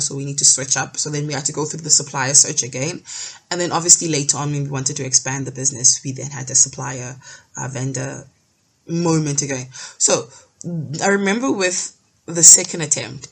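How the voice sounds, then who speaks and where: A young woman with a lowish, husky voice recounts stories in casual chat. She talks in bursts, restarts, and acts out the people she quotes. She is from South Africa. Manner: storytelling, animated retelling with restarts. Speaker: podcast co-host.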